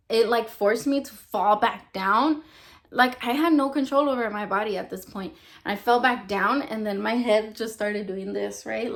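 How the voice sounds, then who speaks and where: A young woman telling her personal religious testimony in a casual, rambling way, filling her speech with "like" and "you know.". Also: medium pitch. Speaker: vlogger sharing a religious testimony.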